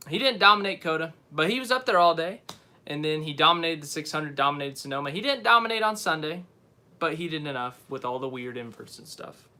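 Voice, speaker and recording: A young man talks off the cuff on a live stream, rambling and unsure, often stopping to correct himself. His voice sits a bit high for a man and has a bright, forceful edge. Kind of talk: casual live stream chat.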